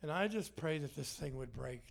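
A man's voice: on the high side, lively intonation, moderate pace, gravelly. Guy preaching in church, cracks jokes at himself, trips over his words a lot. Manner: joking, self-deprecating, prone to restarts. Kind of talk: sermon with humor. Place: church sanctuary.

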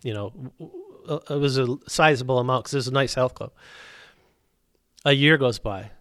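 A man's voice: mid-range voice, moderate pace, a bit bright, dry recording, clean studio sound. A middle-aged man, a business owner telling his faith story as a guest, acting out both sides of the dialogue. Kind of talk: storytelling testimony.

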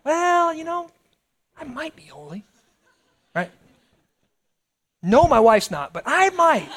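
A middle-aged pastor preaching a sermon in a conversational way, often checking in with the congregation. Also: male voice, very high-pitched, sing-song, slow, fairly bright tone. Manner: conversational preaching, frequent "right?" asides.

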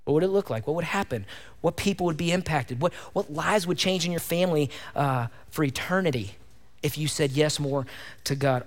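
A man's voice: on the high side, normal speed. A male pastor preaching a fervent sermon, firing off repeated rhetorical questions to his congregation. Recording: long hall reverb.

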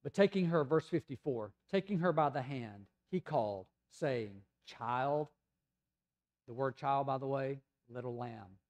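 Warm-voiced Southern preacher man. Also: medium pitch, lively intonation, measured pace, muffled recording. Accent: Southern American. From Tennessee, USA. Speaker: pastor. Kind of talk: sermon.

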